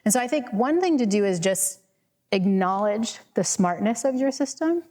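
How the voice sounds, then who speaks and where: A woman professor fields an audience question on a microphone in a reverberant hall, her medium-pitched, slightly mellow voice animated and moderately paced. She chats casually and pokes fun at herself, peppering her answer with "right?" and "like."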